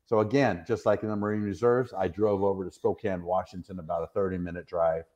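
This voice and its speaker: A middle-aged man from the northwestern United States sits for a casual interview and spins long, meandering stories. His voice sits slightly low. He talks in a relaxed, rambling way, full of fillers and quick apologies for going on. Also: highs cut off. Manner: rambling, chatty, self-deprecating, many fillers. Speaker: interview guest, retired soldier.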